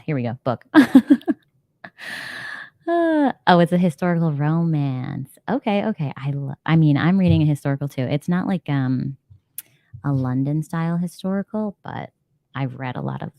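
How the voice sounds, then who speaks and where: A woman's voice: sits low, gravelly, a little mellow, dry recording, clean studio sound. A woman hosting a casual live reading stream, chatting to viewers and laughing often. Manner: chatty, reads chat comments aloud, laughs often. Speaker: livestream host.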